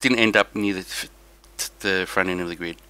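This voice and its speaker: A man's voice: sits low, fairly even intonation, brisk, pushed and bright, smooth, dry recording, low-quality recording. A tired young man chatting casually to viewers on a live stream, rambling about his race. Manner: rambling, talks to chat viewers. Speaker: sim racing streamer.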